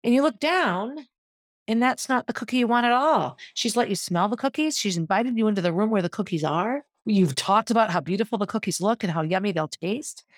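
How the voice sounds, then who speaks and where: Woman, ex-teacher, mid-pitched, vivid storyteller, dry close recording. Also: a little fast, dry recording. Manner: vivid, descriptive, guiding listeners through a scene. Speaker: former teacher telling a personal story. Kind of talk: personal storytelling monologue.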